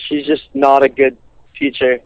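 A seventeen-year-old Colorado boy phones in to a radio show, sounding hesitant and leaning heavily on "like" and "um." His gravelly, mid-range voice moves at a moderate pace over a dull, dry phone line.

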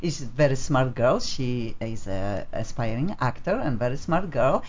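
A woman hosts a live talk show in a chatty, playful way, often stopping to restart her sentences. Her pitch swings lively, and the sound is a little dull and lo-fi. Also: normal speed. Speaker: host.

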